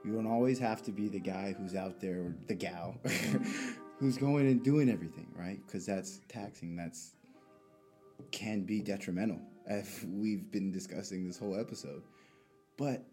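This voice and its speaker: Mellow-voiced young man hosting a chat. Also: on the low side, unhurried, faint music behind. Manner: relaxed, reflective, many fillers and tag questions. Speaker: podcast host. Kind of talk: casual conversation.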